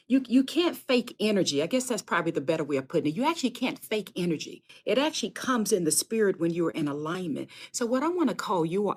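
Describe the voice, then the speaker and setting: Earnest woman preaching to listeners, lowish voice. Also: a little mellow. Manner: earnest, speaks straight to listeners with repeated phrases. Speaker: podcast host and faith speaker. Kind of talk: live-streamed inspirational sermon.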